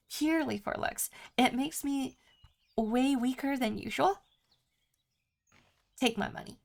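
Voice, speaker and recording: Streaming a game, a woman chats easily with her viewers, reads their messages out, and lays out her options. The voice is a little high and creaky.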